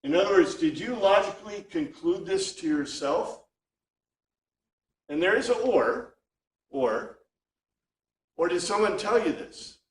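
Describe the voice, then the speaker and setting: A man's voice: sits high, lively intonation, a little slow, pauses often. A man teaching an informal Bible class, thinking aloud with frequent restarts. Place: classroom with a small group. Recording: echoey room, speaker far from mic.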